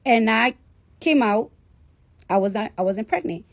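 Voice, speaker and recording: A woman's voice: a little high, animated, measured pace, creaky, no room sound. A woman casually telling a personal story to a live audience, candid and full of swearing. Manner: candid, profanity-laden, chatty. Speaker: livestreamer.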